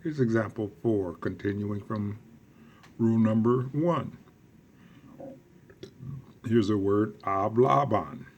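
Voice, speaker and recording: A man teaching a recorded lesson, speaking slowly, quizzing his class and repeating key phrases for emphasis. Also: on the low side, warm tone, slight background noise. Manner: slow and deliberate, quizzing the class. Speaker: Spanish teacher.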